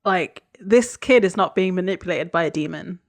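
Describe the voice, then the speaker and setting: Podcast co-host, woman with a slightly low voice, thoughtful, circles her point before landing it. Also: normal speed. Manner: thoughtful, rambling, trails off mid-sentence. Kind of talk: casual chat discussing a TV episode.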